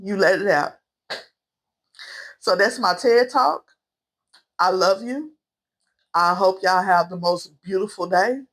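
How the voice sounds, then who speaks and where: A young woman speaks to her followers at an unhurried pace, emotional and earnest. Her voice sits in a plain middle pitch, and her words come slowly, as if each one matters. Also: a bit bright. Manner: earnest, emotional, preachy, addresses viewers as y'all. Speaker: vlogger. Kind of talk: heartfelt spiritual vlog monologue.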